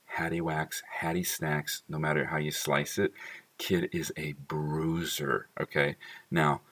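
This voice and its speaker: A man's voice: extremely low pitch, little pitch movement, measured pace, a bit bright, recorded from a distance. A man talking fondly about his children in a casual, rambling monologue full of "like" and small laughs.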